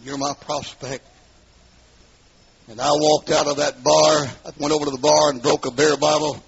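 A middle-aged man giving an emphatic testimony sermon, his voice gravelly and pitched a bit high. He drives the story forward and rises into shouts. The recording is dull and lo-fi. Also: level tone, fairly quick.

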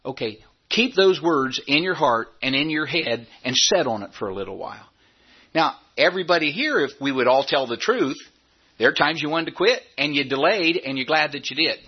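A man preaching a sermon as a pastor, emphatic, repeating his points and slowing down to stress them. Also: a little high, expressive, breathy edge, muffled recording. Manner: emphatic, repeats phrases, slows down for key points.

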